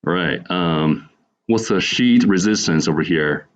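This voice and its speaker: Low-voiced man lecturing to a class. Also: unhurried, highs cut off. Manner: explaining step by step, asking the class questions. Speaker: university lecturer.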